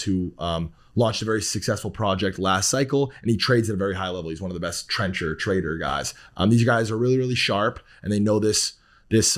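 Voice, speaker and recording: A man's voice: on the low side, fairly bright tone. A man, a podcast guest who talks bluntly, rambles with fillers and swears often. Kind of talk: casual podcast talk.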